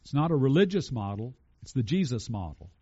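A man's voice: mid-range voice, very animated, a little fast, dark tone, breathy edge, muffled recording. A man preaching a conversational sermon and asking his congregation questions. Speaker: pastor.

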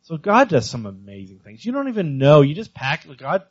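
A man giving a missions talk to a church congregation, telling stories with lively energy and often stumbling over repeated words. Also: a little high, brisk, dull audio. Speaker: visiting missions speaker.

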